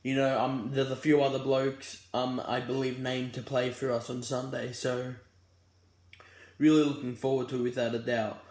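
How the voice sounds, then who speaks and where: A young Australian man gives a casual, rambling footy fan preview in a mid-range, level voice at a moderate pace, slightly mellow and with a roomy sound. He's tired and yawning but fired up about his team, restarting his sentences many times.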